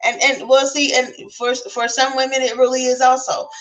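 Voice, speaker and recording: A woman's voice: high voice, little pitch movement, normal speed, fairly bright tone, low-quality recording. A woman speaking as a guest on a casual round-table chat, frank and reflective, talking at length.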